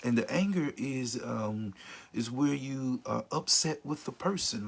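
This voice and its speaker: A man's voice: medium pitch, unhurried, gravelly, breathy edge. A man teaching about grief in an informal, earnest way, sometimes acting out the words of people in mourning. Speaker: grief counselor.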